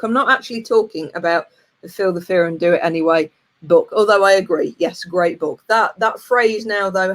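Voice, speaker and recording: A woman in her forties, a coach giving a lively, plain-spoken motivational talk and telling a frank personal story. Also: medium pitch. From United Kingdom. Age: 40s.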